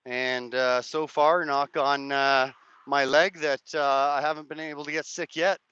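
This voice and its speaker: Man, hoarse live streamer, rambling and hedging, crisp bright tone, dry lo-fi sound. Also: medium pitch, fairly even intonation, unhurried, dry recording. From Canada. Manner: rambling, hedging, chats to viewers' comments. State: hoarse, cracked voice. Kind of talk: casual live-stream commentary. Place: outdoors at a street rally.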